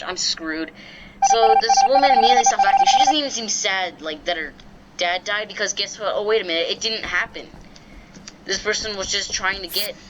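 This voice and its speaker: A woman's voice: medium pitch, rough recording. A woman telling a storytime vlog in a chatty, rambling way with many restarts. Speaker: vlogger.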